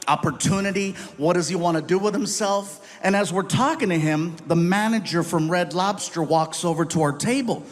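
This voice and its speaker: A middle-aged man doing stand-up, telling a family story in a punchy, animated way and shouting his punchlines. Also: high-pitched, normal speed, hardly any pauses. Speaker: stand-up comedian.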